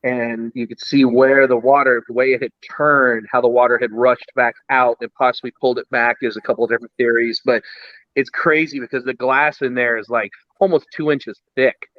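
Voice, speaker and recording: A man's voice: medium pitch, brisk, no echo. A man, a guest, casually telling an anecdote and acting out the voices of the people in it. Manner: animated, acts out quoted voices. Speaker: guest storyteller. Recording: dull lo-fi sound.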